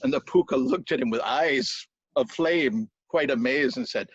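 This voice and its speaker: A man telling a folk tale in a lively storytelling style, voicing sound effects along the way. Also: mid-range voice, moderate pace, few pauses, husky, no room sound. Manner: animated, with spoken sound effects. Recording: dull dry lo-fi recording.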